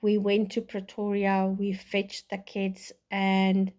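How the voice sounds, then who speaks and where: Slow-spoken South African woman, raw and halting. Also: mid-range voice, completely flat delivery, darkish tone. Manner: halting, raw and emotional, with restarts. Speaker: vlogger telling her life story. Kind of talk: personal testimony.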